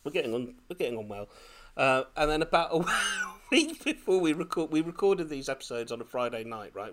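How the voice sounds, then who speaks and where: Man telling a story, excited. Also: mid-range voice, a little hiss or hum. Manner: animated, laughing, breathless when excited. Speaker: podcast co-host. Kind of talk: casual storytelling chat.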